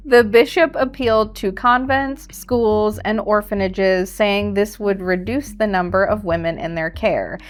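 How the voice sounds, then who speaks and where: A woman's voice: mid-range voice, a little slow, hardly any pauses, faint music behind. Woman narrating a spooky history podcast. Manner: steady storyteller, playful, laughs at own slips. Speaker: podcast co-host reading the story. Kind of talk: reading a scripted history segment.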